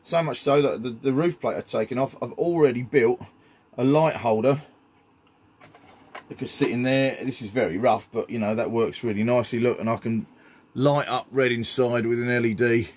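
A man's voice: medium pitch, fairly even intonation, moderate pace, darkish tone, breathy edge. A middle-aged man, chatting enthusiastically while showing off his hobby builds, with frequent ums. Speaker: scenery builder. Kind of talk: casual hobby show-and-tell.

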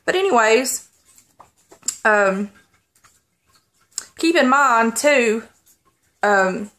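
A woman speaks to her viewers in a fairly high voice while holding back tears. She talks haltingly, drifts off track and restarts her sentences often. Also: lively intonation, fairly bright tone. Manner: halting, rambling, many pauses and restarts. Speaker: vlogger. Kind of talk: personal story to camera.

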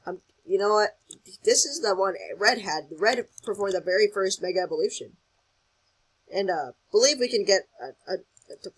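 Excitable, rambling gameplay commentator. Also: medium pitch, husky, low-quality recording. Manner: excitable, rambling, thinks aloud. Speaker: gaming channel host.

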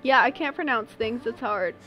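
A woman's voice: a little high, normal speed, sharp tone, faint music behind. A woman in her twenties chatting casually and slangily as she streams a game. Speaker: live streamer. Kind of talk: casual chat while gaming on stream.

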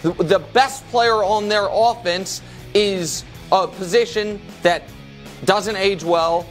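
A man with a fairly high voice argues a sports point on a studio debate show. He talks emphatically and cuts in often, with faint music under him. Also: steady tone, takes it slowly. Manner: emphatic, argumentative, interrupts often.

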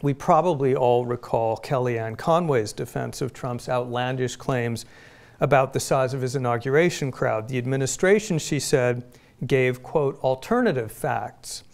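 A middle-aged man from Phoenix giving a prepared public lecture, measured and deliberate, with pointed emphasis. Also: mid-range voice, vocal fry. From Phoenix, Arizona, US. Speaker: guest lecturer. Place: lecture hall.

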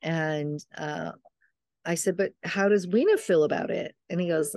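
An older woman, a midwife and author, joins a casual storytelling conversation as a guest, rambling chattily through family stories and acting out what her relatives said. Her voice is fairly low and a little mellow, at a moderate pace. The sound is studio quality, with no room sound.

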